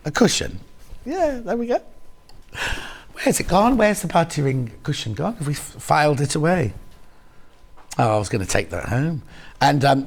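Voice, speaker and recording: Male shopping-channel host, lively sing-song delivery, teasing and chatty, a bit gravelly. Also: medium pitch. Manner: chatty, playful, teasing, reads viewer messages aloud. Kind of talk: live on-air selling chat.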